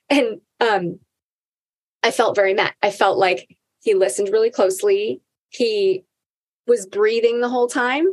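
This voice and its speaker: A woman's voice: mid-range voice, normal speed. A woman hosting a podcast, speaking candidly and earnestly about personal experience in a casual conversation.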